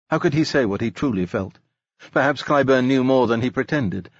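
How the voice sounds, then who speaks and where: A man's voice: mid-range voice, expressive, moderate pace, dry recording, muffled recording. A man reading literary fiction as an audiobook narrator, lifting his voice for the quoted characters. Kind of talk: scripted narration.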